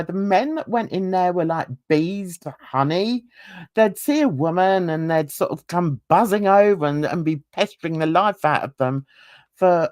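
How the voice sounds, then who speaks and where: A woman's voice: fairly low pitch, a little mellow, no room sound. A middle-aged woman hosts a casual online panel, chatting and rambling through her stories. Her voice rises and falls a lot, and the sound is close and dry. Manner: chatty, rambling, with many fillers. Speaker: livestream host.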